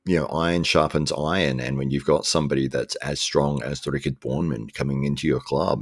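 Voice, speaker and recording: A man hosting a casual live stream, chatting in a relaxed, rambling way and chuckling often. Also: very deep voice, a little fast, vocal fry, hardly any pauses, no room sound, studio quality. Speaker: live show host reading chat.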